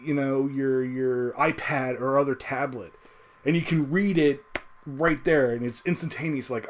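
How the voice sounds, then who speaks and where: A man's voice: unhurried, a little hiss or hum. A man ranting casually to his audience, swearing constantly, heated and emphatic. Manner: profane, heated, lively swings in pitch. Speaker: video creator. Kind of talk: casual rant to camera.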